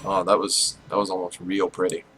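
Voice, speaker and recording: A man giving casual, self-deprecating play-by-play commentary on a strategy game, with bursts of excitement when the fighting heats up. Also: deep voice, brisk, slight background noise, poor audio. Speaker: esports caster.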